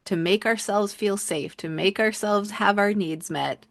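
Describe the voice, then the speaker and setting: A woman co-hosting a podcast, talking frankly and with lots of swearing in a casual, animated chat. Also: medium pitch, a little slow, vocal fry, dry recording, clean studio sound. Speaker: podcast co-host.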